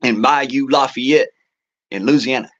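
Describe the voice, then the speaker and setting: A man's voice: mid-range voice, a little slow, highs cut off. A man hosting a casual political monologue, talking in a rambling, profane way with folksy turns of phrase. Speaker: show host.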